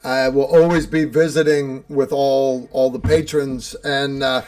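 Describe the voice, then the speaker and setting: A man's voice: medium pitch, flat delivery, a little slow, a little mellow. A man hosting a livestream, chatting casually about a training course and answering a viewer's question. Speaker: livestream host reading patron questions. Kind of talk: casual chat.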